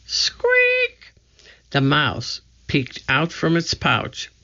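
A narrator giving an expressive, measured reading of a children's storybook. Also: mid-range voice, vocal fry. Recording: dull lo-fi recording.

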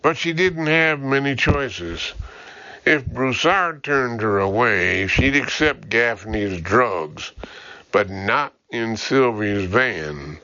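A man reading a novel aloud as audiobook narrator in slow, even storytelling. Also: on the low side, no echo. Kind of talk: scripted narration. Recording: dull dry lo-fi audio.

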